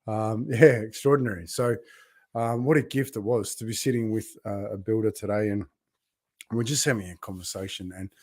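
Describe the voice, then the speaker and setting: A man's voice: on the low side, normal speed, darkish tone, no room sound, clean studio sound. A middle-aged man talking in a heartfelt, rambling way on a casual live video diary, laughing often and greeting viewers by name. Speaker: vlogger and builders' coach.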